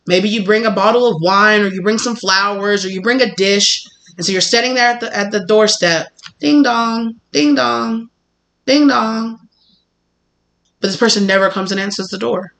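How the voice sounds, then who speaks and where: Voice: medium pitch, steady tone, fairly quick, fairly bright tone. A tarot reader giving a casual spoken reading, rambling and chatty and acting out little scenes along the way. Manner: swears freely.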